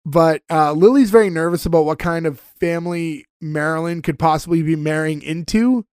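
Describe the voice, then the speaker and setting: A man's voice: a little high, moderate pace, clean tone, dry recording, clean studio sound. Chatty man recapping an episode. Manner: rambling, with frequent fillers and restarts. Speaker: podcast host. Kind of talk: casual chat recapping a TV episode.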